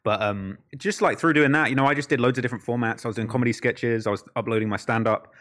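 A man's voice: mid-range voice, fast, fairly bright tone. A young British man from the UK, a YouTube creator chatting casually as a podcast guest, slangy and full of fillers. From United Kingdom. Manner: slangy, lots of fillers like "like" and "bro".

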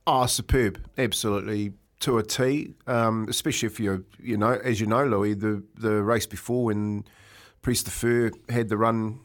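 A New Zealand man, a racehorse owner and regular caller, chats casually on the radio and tells a long story full of fillers and restarts. His voice is on the low side with fairly even intonation at normal speed.

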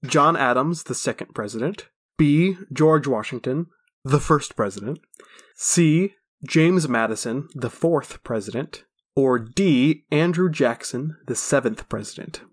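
A man's voice: mid-range voice, lively intonation, unhurried, slightly rough. A man hosting a casual trivia podcast, reading questions and explaining the answers in chronological asides. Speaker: quiz host.

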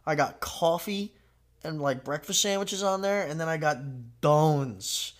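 A man's voice: fairly high pitch, measured pace. A young man hosting a casual podcast chat, joking, teasing and swearing a lot. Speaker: podcast host.

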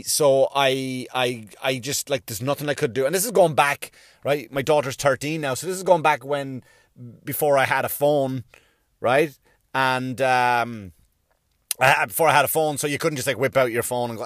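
Rambling Irish stand-up comedian. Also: male voice, mid-range voice, steady tone, moderate pace, fairly bright tone, no echo, clean studio sound. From Ireland. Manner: rambling, profane, self-mocking, many restarts.

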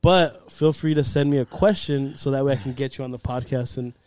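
A man's voice: medium pitch, fairly quick, a little mellow, dry recording. A man hosting a podcast in casual chat, rambling through funny stories and laughing often. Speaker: podcast host.

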